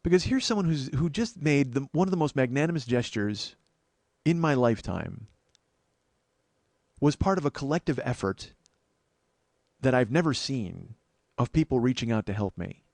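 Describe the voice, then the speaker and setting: A man's voice: mid-range voice, lively intonation, normal speed, gravelly, long pauses, darkish tone, no room sound. A man in his forties, hosting a podcast and telling a comic story with lots of stammering restarts and exasperation. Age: 40s. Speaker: podcast host.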